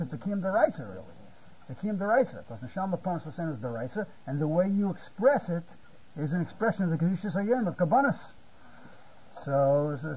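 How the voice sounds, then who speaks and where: An older man lectures on Torah in a halting way, stumbling and repeating words and asking "you see?" to check that his listeners follow. His voice sits high but sounds mellow and husky. The recording is muffled and lo-fi. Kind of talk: spontaneous Talmudic lecture.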